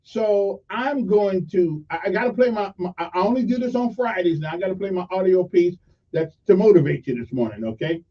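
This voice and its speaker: A man's voice: high voice, a little fast, distant mic. An older man hosting a casual morning radio talk show, rambling and joking with many fillers. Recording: muffled audio from off mic.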